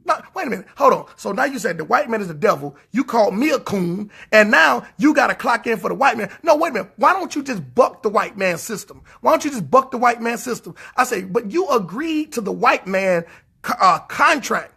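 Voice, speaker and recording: A man's voice: high-pitched, animated, brisk, creaky, sharp tone, husky. A man preaching a livestreamed sermon in a fiery, repetitive, scolding way, stretching words out for emphasis.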